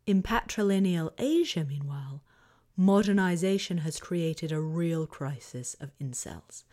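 A woman hosting a podcast, reading a prepared essay in a measured, analytical way, often dropping to a near-whisper at the ends of phrases. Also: lowish voice, expressive, warm tone. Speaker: podcast host.

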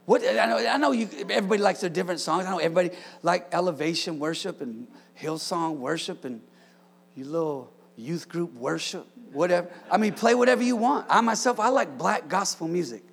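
Male preacher, fired-up sermon delivery, high voice with a gravelly edge, jokes with the room. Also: brisk. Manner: excitable, shouts commands, jokes with congregation. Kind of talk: energetic sermon.

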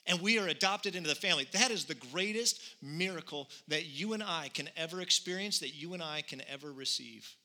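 A man's voice: fairly high pitch, animated, fairly quick, few pauses, pushed and bright. A man in his thirties preaching a sermon, telling a personal story earnestly and building to conviction. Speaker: pastor.

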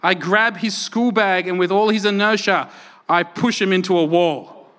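Animated Australian pastor, bright high voice. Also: male voice, normal speed. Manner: animated, self-mocking, conversational, frequent "right?" and "like". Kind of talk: sermon with personal storytelling.

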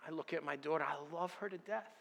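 A man preaching an earnest sermon as a pastor, moving between fervent declarations and quiet personal confession. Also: on the high side, quick pace, vocal fry. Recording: long reverb of a large hall.

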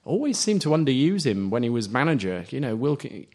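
A man's voice: medium pitch, sing-song, fairly quick, darkish tone. A man co-hosting a football podcast, sharing opinionated memories in casual chat. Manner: reminiscing, opinionated. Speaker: podcast co-host.

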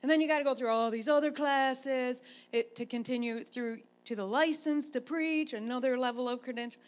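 A woman pastor, a grandmother, preaching a sermon and telling a chatty, animated personal story. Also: sits high, moderate pace.

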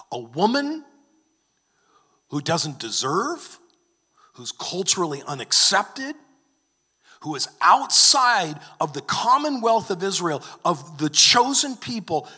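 Guy giving a sermon, kinda high voice, earnest, lots of restarts, echoey church hall. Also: sharp tone, breathy edge. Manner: earnest preaching, restarts and repeats words. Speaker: pastor. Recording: long hall reverb.

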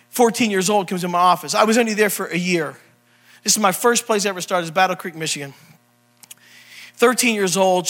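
A man preaching in a church, his voice high and bright as he jokes and keeps quizzing the congregation. His delivery is animated and playful, quick to switch from banter to scripture. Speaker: pastor. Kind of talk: humorous sermon.

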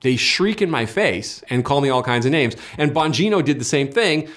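A man of ordinary pitch talks as the guest in a loose political discussion. He argues with emphasis and drive, stacking repeated words and restarts as he builds each point. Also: lively intonation, moderate pace, a bit bright. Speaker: interview guest. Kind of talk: casual political conversation.

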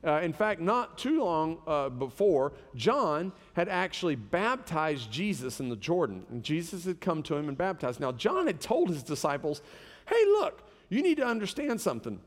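A man, a pastor, preaching a sermon with animated, humorous storytelling. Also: fairly high pitch, normal speed, hardly any pauses, big-room sound.

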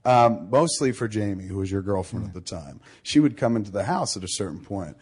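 A man hosts a loose, casual conversation. His voice is husky and sits fairly low, and he tells long, rambling stories full of swearing. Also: lively intonation, a little fast, a little mellow. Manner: rambling, profane storytelling. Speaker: podcast host. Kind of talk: casual chat.

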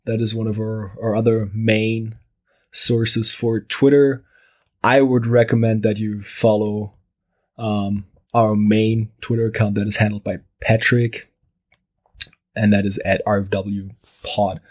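A man's voice: lowish voice, little pitch movement, a little slow, darkish tone. A man answering interview questions as a podcast guest, hesitant and searching for words. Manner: hesitant, many fillers and restarts.

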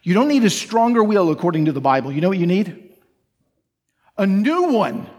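High-voiced pastor preaching in a reverberant hall. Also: male voice, very animated, normal speed, darkish tone. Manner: earnest preaching, rhetorical questions, voices imagined inner talk. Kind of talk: sermon. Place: church sanctuary.

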